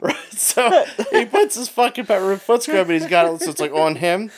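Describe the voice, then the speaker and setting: A man's voice: sits high, very animated, a little fast, crowd noise. A man telling a long rambling story in casual chat, profane, with frequent "right?" tags.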